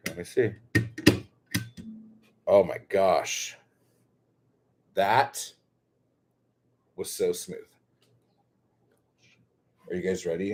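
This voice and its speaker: A man unboxing a new stapler in a casual vlog, excitable and gushing, often breaking into exclamations. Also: low voice, slow pace, pauses often, a little hiss or hum. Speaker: poet and chapbook maker.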